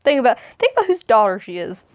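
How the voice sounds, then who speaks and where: A woman with a high-pitched voice reads fan memes aloud, cutting in with sarcastic asides. She laughs often and swears freely. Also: sing-song, fast talker, dull audio.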